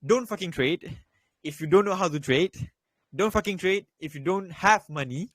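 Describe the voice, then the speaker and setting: Blunt swearing young man, fairly high voice. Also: normal speed, a bit bright, no room sound. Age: young adult. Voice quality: blunt, swears often, repeats points. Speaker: crypto trading voice chat host. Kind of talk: casual voice chat advice.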